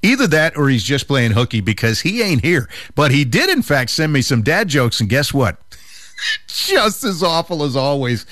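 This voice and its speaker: A man's voice: mid-range voice, sing-song, moderate pace, hardly any pauses, a bit bright, no room sound, studio quality. A man hosting a radio show, bantering casually and reading out jokes with a laugh. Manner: jokey, reads out jokes with laughs.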